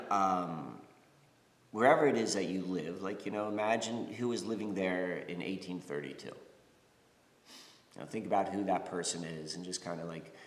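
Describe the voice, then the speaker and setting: A man's voice: sits low, a bit bright. A man from the United States giving a reflective spiritual talk, rambling with many fillers and restarts. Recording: echoey room with long reverb.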